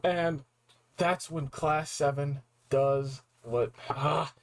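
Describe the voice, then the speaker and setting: A young man reviewing a video game in a casual, excited recap, full of slang and acted-out reactions. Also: a little high, very slow, low-quality recording. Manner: animated, slangy, acts out reactions.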